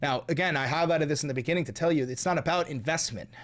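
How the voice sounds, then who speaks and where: A man rants through political commentary, heated and sarcastic, with plenty of swearing. His voice sits a little higher than most men's and rises sharply when he gets worked up. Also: quick pace, a bit bright.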